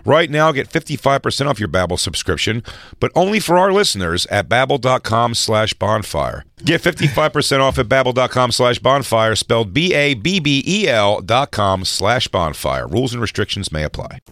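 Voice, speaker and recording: A man's voice: medium pitch, normal speed, no room sound. A man co-hosting a radio talk show, his voice swinging up and down as he jokes and reads sponsor spots. The sound is dry and close, with no room behind it. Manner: animated, laughing, playful. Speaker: podcast co-host.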